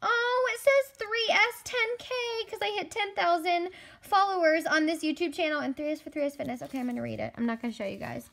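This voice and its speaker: A young woman in her twenties vlogging casually at home, gushing and gasping with excitement as she unboxes a gift. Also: extremely high pitch, fairly quick, gravelly. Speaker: fitness vlogger. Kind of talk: casual vlog.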